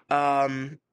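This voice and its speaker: A man's voice: mid-range voice, fairly bright tone, clear, resonant tone. A man co-hosting a podcast in casual chat, rambling with lots of fillers and frequent laughs, in a hazy, stoned state. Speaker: podcast co-host.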